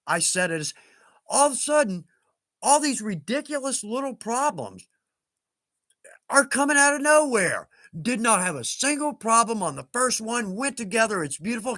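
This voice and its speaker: Chatty man with bright, high voice. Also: dry recording, clean studio sound. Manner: chatty, self-deprecating, laughs often. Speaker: livestream host reading viewer comments. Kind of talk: casual livestream chat.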